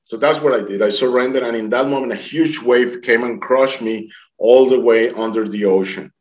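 A man's voice: medium pitch, normal speed. Earnest man telling his story, lo-fi. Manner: earnest storytelling, acting out quoted voices. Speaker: interview guest. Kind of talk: personal testimony.

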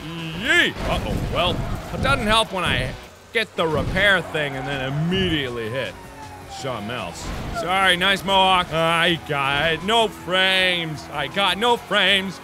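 Man gaming youtuber, let's play commentary, high swooping voice, game music behind. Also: a little slow. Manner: excitable, yelling and laughing.

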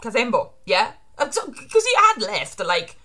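A woman making a reaction video, reading comic pages aloud in an excitable, gushing way, mixing laughter with whispered pleading. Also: fairly high pitch, measured pace. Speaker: manga reaction vlogger.

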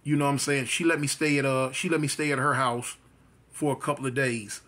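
A man's voice: medium pitch, fairly even intonation, a little fast, sharp tone. A man casually telling a personal life story, repeating phrases and acting out sounds as he goes. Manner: vivid storyteller who repeats phrases and mimics gunshots.

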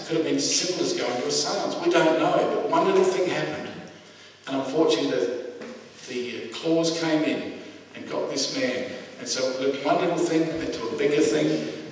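A man delivers a sermon in a casual, talking style, circling back to his phrases and pausing on fillers. His voice sits a little high. The sound comes from across a church hall, with a long echo and faint background noise. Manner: conversational preaching with repeated phrases and fillers. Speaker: preacher. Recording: echoey hall, voice from a distance.

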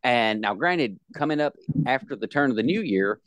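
A man hosting a podcast, relaxed and teasing. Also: medium pitch, normal speed, no echo. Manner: laid-back, teasing, drawls and laughs. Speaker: podcast host. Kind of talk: casual podcast chat.

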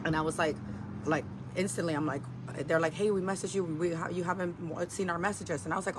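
A woman's voice: on the low side, fairly even intonation, fast talker. A woman livestreaming, meandering through her story with lots of fillers and swearing. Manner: meandering, heavy fillers and profanity. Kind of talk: rambling livestream talk. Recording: livestream clip with vehicle noise.

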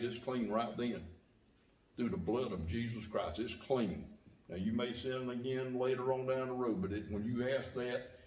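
Man preaching in an echoey church. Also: darkish tone. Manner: preaching with sudden rises and drops in pitch and volume. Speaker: pastor. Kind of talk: sermon. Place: church sanctuary.

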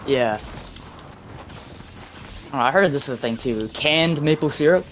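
A woman chats in a laid-back way with short replies while playing as a teammate. Her voice sits very low for a woman, and it comes through a noisy voice chat line. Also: expressive, unhurried. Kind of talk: casual gaming chat.

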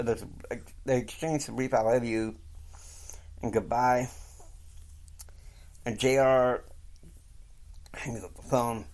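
A man casually retelling a family story, slow and rambling with fillers. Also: mid-range voice, darkish tone.

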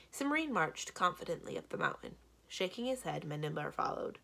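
A woman librarian narrating a children's book aloud in a steady storytelling manner. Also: fairly low pitch, a little fast, gravelly. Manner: steady storytelling, varied delivery.

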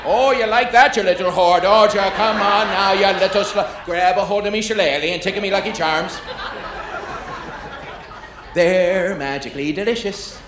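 A man's voice: high-pitched, normal speed, natural voice. A man voicing a lusty man from a cheesy porn film, leering and mock-seductive, in an echoey club. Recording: echoey club, loud crowd noise.

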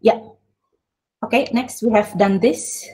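A woman lecturer with an Indonesian accent teaches over a video call, her voice sitting a little high. She talks expressively and slips between English and Indonesian as she guides her students. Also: measured pace, darkish tone, poor audio. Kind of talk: online class teaching.

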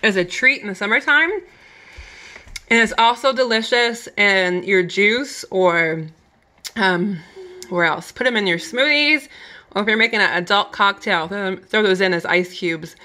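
A woman's voice: medium pitch, measured pace, sharp tone. A woman in her thirties chatting casually to viewers as she walks through her home kitchen, laughing often. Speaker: vlogger giving a kitchen pantry tour. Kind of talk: casual home vlog chat.

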